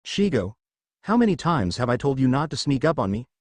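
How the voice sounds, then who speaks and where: A man's voice: medium pitch, sing-song, brisk, a little mellow, no room sound. A man voicing an irritated, pompous male mad scientist villain in a read-aloud story, in close to his own voice. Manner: irritated, boastful.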